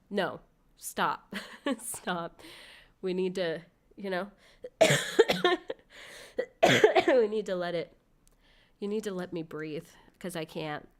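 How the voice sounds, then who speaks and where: A young woman chats casually on a live stream, rambling and laughing as she thanks her donors. Her voice sits on the low side for a woman and sounds smooth and clear. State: sick with covid.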